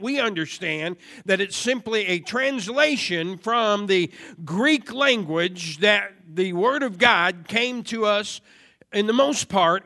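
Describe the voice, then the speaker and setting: A man preaching a sermon to a congregation, moving from steady teaching into loud, emphatic repetition. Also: high voice. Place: church service before a congregation.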